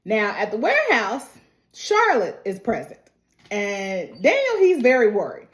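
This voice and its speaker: A woman's voice: fairly high pitch, wildly swooping pitch, a little slow. A woman giving a casual, slangy recap of a TV episode, retelling the scenes and quoting the characters' lines. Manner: chatty, slangy, retells scenes with quoted dialogue. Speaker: TV recap vlogger. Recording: roomy echo.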